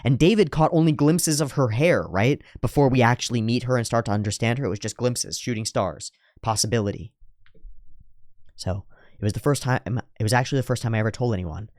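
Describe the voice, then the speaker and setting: A man's voice: medium pitch, a little fast, darkish tone, no echo, studio quality. A man hosting a reaction video, analyzing an anime scene and paraphrasing its dialogue with rhetorical asides.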